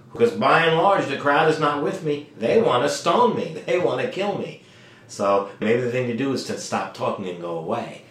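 Emphatic man teaching in an echoey room. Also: medium pitch. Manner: emphatic, acts out quoted lines, asks rhetorical questions. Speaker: Bible study leader. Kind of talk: conversational Bible teaching. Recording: echoey room, distant mic.

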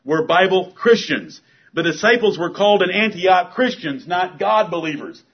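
A man preaching a sermon from the pulpit in a church, with a forceful, repetitive cadence. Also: high-pitched, expressive, normal speed, husky, highs cut off. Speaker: pastor.

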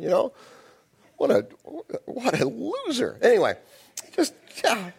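Man preaching a sermon, lively pitch swings, conversational, asides to the congregation. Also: moderate pace, vocal fry, slightly rough. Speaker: pastor.

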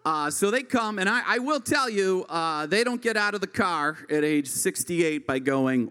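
A man in his thirties tells a stand-up story on stage. His pitch jumps around a lot and sits a bit high. He rambles with plenty of filler words. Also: animated, moderate pace, few pauses, bright, forceful tone, smooth. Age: 30s. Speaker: stand-up comedian.

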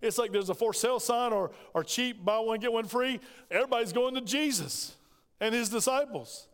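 High-voiced preacher in a reverberant church. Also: male voice, normal speed. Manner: preaching with rhetorical questions, quoting scripture in acted voices. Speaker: pastor. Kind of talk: sermon. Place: church sanctuary. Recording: long hall reverb.

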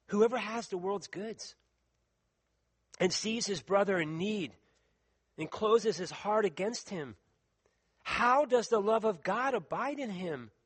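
A man delivering a sermon in a church, his voice sitting quite high for a man. He reads scripture and presses his points earnestly, drawing out the words that matter. A tickle in his throat keeps him clearing it and coughing. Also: animated, slow, pauses often. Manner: earnest, emphatic, stretches out key words. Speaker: preacher.

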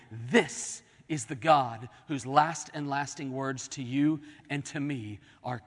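A man preaching a sermon as pastor, swinging from soaring declarations to hushed, drawn-out words. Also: medium pitch, slightly rough, long reverb tail. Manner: dramatic preaching, swelling and dropping to near-whispers.

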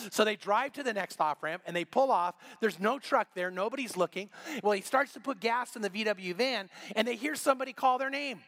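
A middle-aged man preaching a sermon, animated in his storytelling and acting out the people in his story. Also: very high-pitched, fairly quick, creaky. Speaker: pastor. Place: church.

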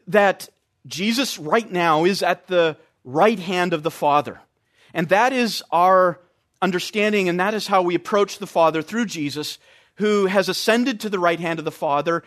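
A man's voice: high-pitched, fairly bright tone. A man preaching an expository sermon, stressing key phrases by repeating them.

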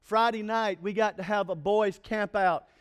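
Pastor guy, pretty high voice, preaching with jokes and energy. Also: normal speed, clear, resonant tone. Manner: animated preaching with playful asides. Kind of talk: sermon.

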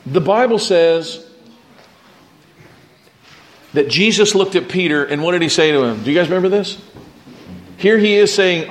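A man's voice: high voice, lively intonation, a little fast. A man pastor preaching a conversational sermon to his church, reading scripture aloud and talking through it with frequent restarts.

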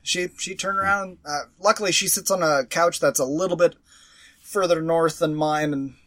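A man co-hosting a casual podcast chat, animated and swearing freely as he acts out scenes. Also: on the high side, normal speed. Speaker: podcast co-host.

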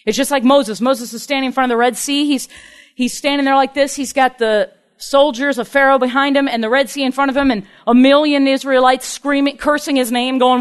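A woman's voice: high voice, steady tone, fairly quick, clear, resonant tone. A woman preaching a sermon in an earnest, emphatic way, acting out the people in her stories. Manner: earnest, emphatic, acts out quoted speakers.

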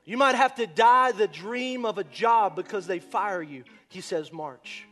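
A male pastor preaching a sermon with passion, swinging from shouts down to near-whispers. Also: high-pitched, a little slow, faint music behind.

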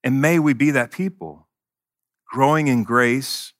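A man's voice: mid-range voice, measured pace, no echo, studio quality. A male pastor preaching a sermon in an earnest, conversational way, with touches of self-deprecating humor.

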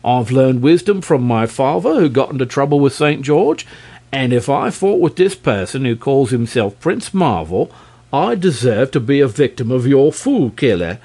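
A man's voice: mid-range voice, big pitch swings, normal speed, mellow, husky. A man reading aloud and voicing a proud, fussy male dragon who speaks in a prim, reproachful, pompously polite way. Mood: indignant.

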